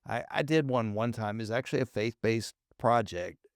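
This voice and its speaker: A man's voice: on the low side, normal speed, dry recording, clean studio sound. A man from the Southern United States with a faint Southern accent, hosting a podcast and telling easygoing stories. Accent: faint Southern American. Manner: easygoing, anecdotal storytelling. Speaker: podcast host. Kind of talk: casual podcast conversation.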